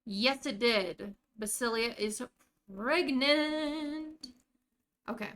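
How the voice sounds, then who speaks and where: A woman's voice: on the high side, drawn-out words, a bit bright. An American woman streaming a game live, chatting casually and talking to her viewers by name while she plays.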